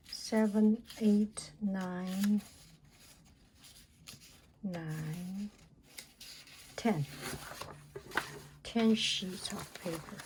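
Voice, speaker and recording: A teacher, speaking softly and often half-whispering in an unboxing vlog, with excited exclamations. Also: female voice, medium pitch. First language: Mandarin Chinese. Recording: clicking noise in the background.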